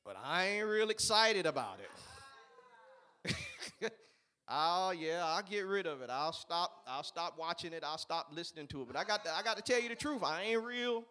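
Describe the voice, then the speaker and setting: A man preaching a sermon, swinging between shouted, fiery peaks and quiet, conversational asides. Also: high-pitched, expressive, normal speed. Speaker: pastor.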